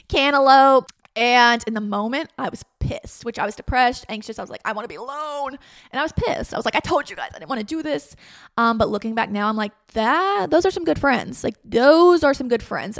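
A woman's voice: a little high, dry recording, studio quality. A young woman, a podcast host candidly telling a personal story in a chatty way, often saying "like". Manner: chatty, frequent "like", quotes herself and others in lively voices.

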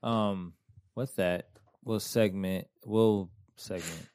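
A man hosting a casual podcast chat, rambling and halting with many fillers. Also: low voice, steady tone, darkish tone, smooth, dry recording, studio quality. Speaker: podcast host.

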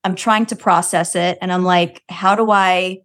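A woman's voice: on the low side, steady tone, moderate pace, a bit bright. A woman hosting an interview, asking careful, thoughtful questions with frequent restarts. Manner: thoughtful, hesitant, many restarts and "like". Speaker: podcast interview host.

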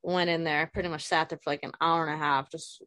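Woman, 30s, low voice, dry sound, candid and emotional, video-call guest. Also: little pitch movement, fast, sharp tone, no room sound. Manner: frank, emotional, swears casually. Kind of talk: candid personal conversation.

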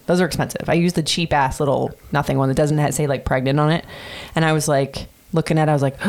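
A woman's voice: deep voice, quick pace, gravelly. A woman in her thirties casually telling a personal story on a podcast, chatty and profane with many fillers. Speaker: podcast host.

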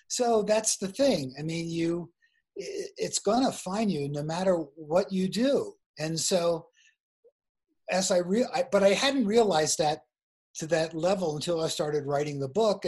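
A male author being interviewed by video call shares a story in a chatty way, laughing as he goes. His voice is a little high, slightly rough, and darkish in tone, and the call runs over weak wifi.

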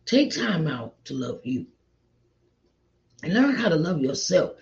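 A man's voice: on the high side, very animated, measured pace, pauses often. Earnest man giving a preachy pep talk. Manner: repetitive, earnest, preachy, calls listener child and honey. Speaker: author giving encouragement. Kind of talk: motivational talk to viewers. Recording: dull lo-fi recording.

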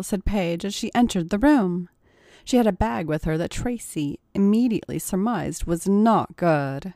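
Woman reading a spicy audio story, steady and even, low voice. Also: measured pace, no echo, studio quality. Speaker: narrator.

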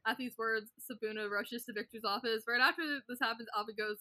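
A woman with a bright, fairly high voice runs through a TV plot recap at a brisk clip. The sound is close and dry. She slips into laughs between beats. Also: flat delivery, no room sound. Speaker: podcast host recapping episodes. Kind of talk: casual recap and chat.

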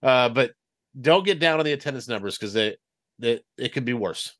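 A man's voice: medium pitch, expressive, moderate pace, fairly bright tone. A man co-hosting a sports podcast, rambling and explaining with lots of "you know" and "like". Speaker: podcast co-host, sports reporter. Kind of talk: casual sports podcast chat.

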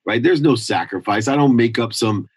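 A man's voice: mid-range voice, normal speed, husky, dry recording, rough recording. A middle-aged man telling a candid life story in an interview, intense and confessional, acting out the people he quotes. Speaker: guest.

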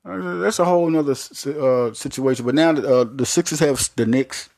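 A man hosting a solo sports podcast, talking in a rambling, animated way with many restarts and fillers. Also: mid-range voice, a little fast, gravelly.

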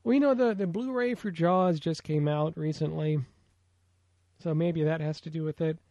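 A man's voice: on the high side, moderate pace, dark tone, no echo, highs cut off. Rambling man on a movie podcast. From United States. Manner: rambling, many fillers. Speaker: podcast co-host. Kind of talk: casual movie podcast chat.

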